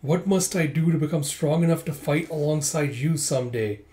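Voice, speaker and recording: A man's voice: fairly high pitch, moderate pace, warm tone, close to an everyday voice. A man reading a manga aloud and voicing a determined young woman with a sword. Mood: resolute. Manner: earnest, resolute.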